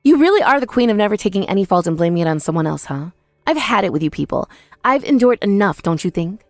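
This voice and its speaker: A woman's voice: medium pitch, sing-song, fast, dry recording, studio quality, faint music behind. A woman voicing a young ex-wife who angrily accuses her former in-laws, in a text-message story drama. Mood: scornful. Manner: accusing, scornful. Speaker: main character, ex-wife.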